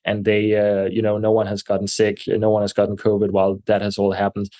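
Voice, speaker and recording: Low-voiced man answering interview questions. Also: monotone, mellow. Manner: measured, with frequent fillers and restarts. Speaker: guest, air purification company representative. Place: New York.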